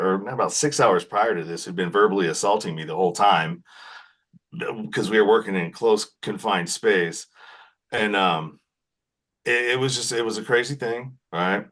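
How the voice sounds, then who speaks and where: A man's voice: fairly low pitch, normal speed. A man as a podcast guest, telling a long story in casual chat and often tagging his sentences with "right?". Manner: animated, repeats "right?" often.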